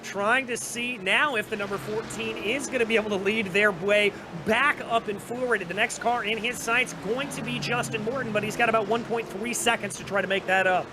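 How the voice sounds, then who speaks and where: A man with a slight Southern US accent giving fast, energetic play-by-play commentary on a sim race. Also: high-pitched, background noise.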